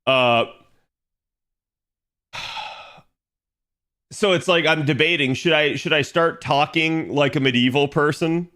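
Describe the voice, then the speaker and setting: A man's voice: on the high side, slow, long pauses, pushed and bright. A young man streaming from home, chatting casually with his viewers in a rambling way full of fillers. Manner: rambling, filler-heavy, reads chat aloud.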